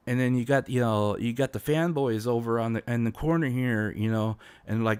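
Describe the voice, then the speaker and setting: A man's voice: mid-range voice, normal speed, hardly any pauses, darkish tone, clean tone, no echo. A man streaming as a VTuber, ranting casually with many restarts and fillers. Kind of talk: casual livestream rant.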